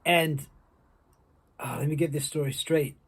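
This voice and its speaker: A man, a former wrestler, telling a rambling, profane anecdote that builds excitement. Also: fairly high pitch, unhurried, husky. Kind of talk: casual anecdote.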